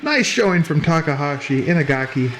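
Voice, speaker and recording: A man's voice: a little high, animated, brisk, a bit bright. A man giving casual, joking commentary while watching old fight footage, with lots of fillers and restarts.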